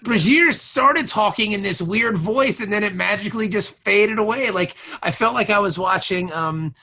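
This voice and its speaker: A man with a gravelly, husky voice co-hosts a casual podcast chat. He sits a little higher than most men, with a sharp, bright edge to his tone. He jokes around, slips into quick impressions and laughs a lot. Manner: joking, jumps into quick impressions, laughs often. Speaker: podcast co-host.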